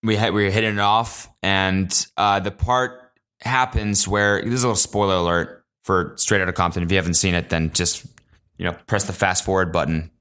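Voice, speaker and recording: A young man hosting a casual solo podcast, telling animated stories with lots of swearing and high-pitched acted-out quotes. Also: normal speed, clean tone. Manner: animated storyteller, swears a lot, jumps high in pitch when acting out quotes. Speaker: podcast host.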